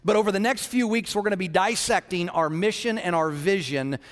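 A man preaching a sermon as pastor, opening with a joking story in a lively manner. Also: high voice, fairly quick, big-room sound, slight background noise. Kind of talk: sermon with a joke.

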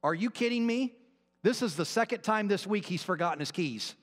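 A fed-up dog owner scolds at the top of his lungs, as a man telling a joke from the pulpit puts him on. The voice sits high and rings out in a hall with a long reverb. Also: expressive, brisk, a little hiss or hum. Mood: exasperated yelling. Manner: yelling, incredulous.

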